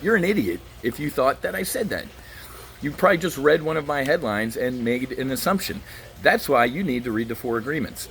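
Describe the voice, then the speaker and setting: A man's voice: fairly high pitch, a bit bright, slight background noise. A man giving blunt, sarcastic solo market commentary, ranting with frequent restarts.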